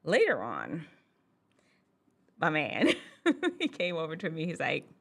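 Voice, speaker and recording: Woman host, low-set but bright and lively voice, chatty storyteller who laughs easily, talking straight to teens. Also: slow pace, gravelly. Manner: animated, chatty, laughs often. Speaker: host, physician. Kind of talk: casual storytelling monologue to teens.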